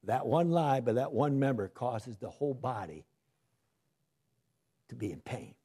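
A man preaching a sermon, shifting from loud emphasis to soft asides. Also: medium pitch, sing-song, unhurried, husky.

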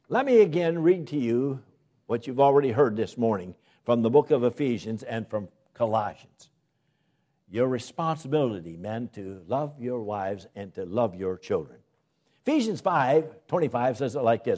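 A male pastor preaching a sermon to his congregation, with dramatic pauses and emphatic rises on key words. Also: fairly high pitch, sing-song, mellow. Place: church.

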